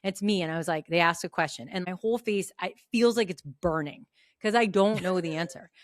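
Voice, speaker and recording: A middle-aged woman co-hosting a casual podcast, telling stories and acting out quotes. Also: a little fast. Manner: animated storyteller, acts out quotes in a high voice. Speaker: podcast co-host. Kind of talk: casual chat.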